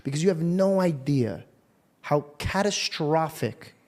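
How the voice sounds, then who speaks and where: A man's voice: on the high side, lively intonation, unhurried, a little mellow. A man hosting an interview, telling heartfelt stories in casual talk with frequent swearing. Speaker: podcast host.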